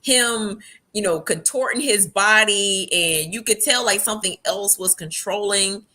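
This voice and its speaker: A woman's voice: mid-range voice, a little slow, pushed and bright. A woman co-hosting a casual show review, talking animatedly with frequent laughs and fillers. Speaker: podcast co-host. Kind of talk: casual chat.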